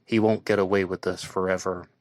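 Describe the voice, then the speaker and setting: A wary young man who plays dumb and hedges his answers, read by a male audiobook narrator in his own deep voice. The sound is dry and close, with no room around it. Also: level tone, a little fast, dry recording, natural voice. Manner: evasive, hesitant. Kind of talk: audiobook character reading.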